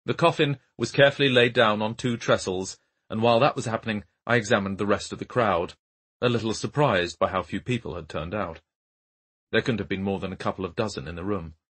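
Deep, husky male audiobook narrator. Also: fairly bright tone.

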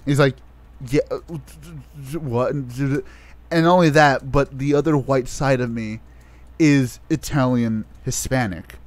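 A man's voice: medium pitch, steady tone, measured pace. A man co-hosting a casual podcast, telling a story with a lot of swearing and acting out his own side of an argument. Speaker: podcast co-host.

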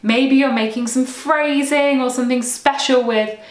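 A woman teaching recorder practice tips in a clear, encouraging way, sometimes singing rhythms aloud. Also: high-pitched, steady tone, moderate pace, echoey room.

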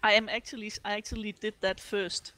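A woman's voice: mid-range voice, level tone, fast, sharp tone, slight background noise. A woman chatting animatedly in a group voice chat and telling a story. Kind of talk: casual chat.

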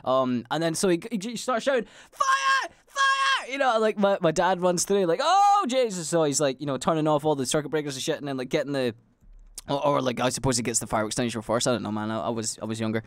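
A young Scottish man rambles through stories on his own podcast, sweary and animated, bursting into loud acted-out quotes. His voice sits at an ordinary middle pitch. The recording is dry and close, with no room sound. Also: fast, no echo. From Scotland. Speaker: podcast host. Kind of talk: casual rambling monologue.

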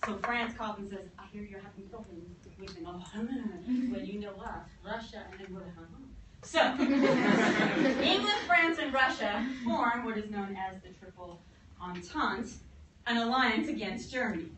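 A woman history teacher giving a fast classroom lecture, acting out countries in quick comic voices. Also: medium pitch, heavy background noise. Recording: echoey room, mic at a distance.

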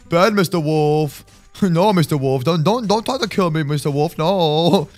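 A young man giving excitable casual gameplay commentary, often yelling at enemies and laughing between lines. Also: a little high, a little slow, soft background music. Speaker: gaming YouTuber.

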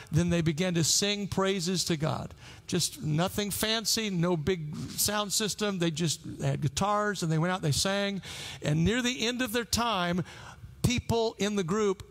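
A man preaching a sermon, telling stories in an animated way with frequent restarts. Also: sits high, vocal fry. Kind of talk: sermon with storytelling. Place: church service.

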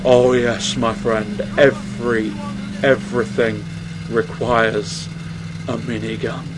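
A man's voice: mid-range voice, flat delivery, slow pace, background noise. A man commenting on his gameplay in a chatty, wry way, swearing often. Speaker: let's play host. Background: game sounds and music.

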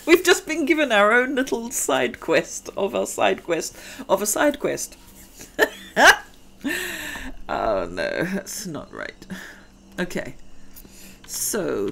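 Slow, gravelly middle-aged woman. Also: mid-range voice. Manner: chatty, rambling, giggly asides. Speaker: gaming video host. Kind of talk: casual let's-play commentary.

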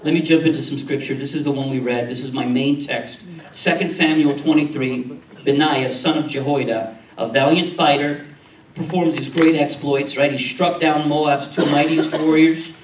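A man's voice: fairly high pitch, fairly even intonation, normal speed, a little hiss or hum. A male pastor preaching a sermon, repeating phrases and asking "Amen?" to the congregation. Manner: preaching with frequent "Amen?" checks and repetition. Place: church sanctuary. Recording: roomy, distant church recording.

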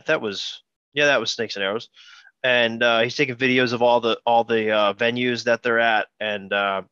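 Podcast host man, casual rambly chat, bright forceful voice, bit dull lo-fi sound. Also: medium pitch, no room sound. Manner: rambling, self-correcting. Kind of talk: casual chat about music.

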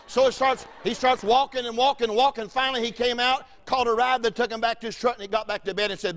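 Preacher, male, high-pitched, folksy storyteller, big swings in volume. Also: fairly quick. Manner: folksy, wide swings from loud to hushed. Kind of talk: storytelling sermon.

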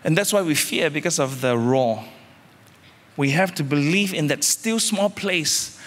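A male pastor delivers an emphatic sermon, his voice sitting a little high for a man. He hammers his points with repeated phrases and sudden loud climbs. The sound carries a long hall reverb. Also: animated, a little slow. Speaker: senior pastor.

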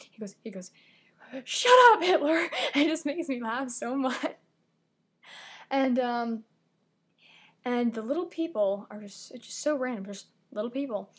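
A teenage girl vlogging in a casual chat, rambling and excitable, often correcting herself mid-sentence. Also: on the high side, slightly rough.

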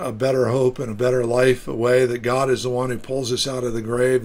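A man pastor giving an earnest, unhurried devotional talk, reading scripture aloud with occasional fillers. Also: medium pitch. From United States.

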